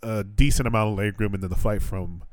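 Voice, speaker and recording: A man in his thirties from the United States hosts a casual podcast, recounting a story with plenty of swearing and quoted back-and-forth dialogue. His voice sits a little low, and the close recording is dry with no room sound. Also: fairly even intonation, quick pace, dry recording. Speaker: podcast host. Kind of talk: casual chat.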